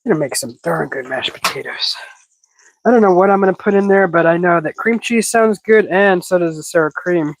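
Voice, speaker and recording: A woman hosting a casual cooking livestream, chatting while she cooks, breathing a little heavily and breaking into excited squeals. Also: brisk, noisy background. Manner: chatty, improvising, bursts into excited high squeals greeting chat.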